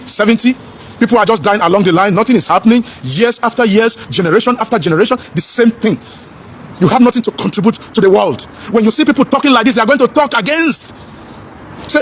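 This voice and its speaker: A man's voice: high-pitched, animated, quick pace, a little hiss or hum. A man in an impassioned, preachy monologue, asking rhetorical questions and slipping into pidgin.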